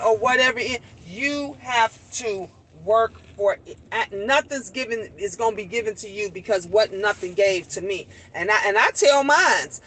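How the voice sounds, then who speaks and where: Animated high-pitched grandmother telling it straight. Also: slight background noise, rough recording. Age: older. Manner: animated, scolding storyteller. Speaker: show host. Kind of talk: casual monologue to listeners.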